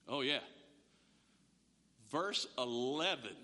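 A man's voice: very high-pitched, sing-song, moderate pace, sharp tone. A man preaching a sermon, chatty and quizzing the congregation with questions. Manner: conversational, rhetorical questions to the room. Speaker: pastor. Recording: long hall reverb.

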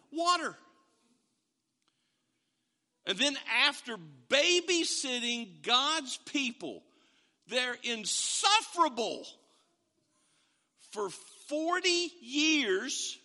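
High bright-voiced preacher in a reverberant hall. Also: male voice, very animated, slow pace. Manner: storytelling preacher, acts out dialogue, asks the congregation questions. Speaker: pastor. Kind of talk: sermon. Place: church hall.

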